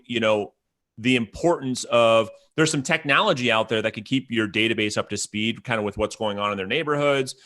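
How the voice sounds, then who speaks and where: A man with a bright, forward voice leads a live online mastermind session. He coaches with earnest, persuasive emphasis and keeps pressing his point. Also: medium pitch. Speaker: host. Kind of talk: live audio-room mastermind talk. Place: live online audio room.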